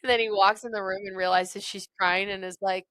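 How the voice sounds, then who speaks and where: A woman's voice: mid-range voice, steady tone, brisk, fairly bright tone. A woman co-hosting a casual book podcast, retelling scenes animatedly, acting out quotes and laughing often. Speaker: podcast co-host. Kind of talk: casual book-discussion chat.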